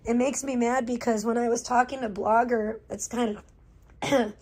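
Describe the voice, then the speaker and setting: A woman's voice: a little high, level tone, normal speed, darkish tone. A middle-aged woman live streamer in casual chat, talking candidly and emotionally to her viewers and swearing freely.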